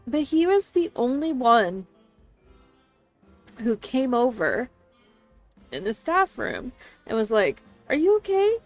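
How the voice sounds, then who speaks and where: A woman streamer telling a story to her chat in an animated way, swearing freely and laughing often. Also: high-pitched. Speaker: game streamer.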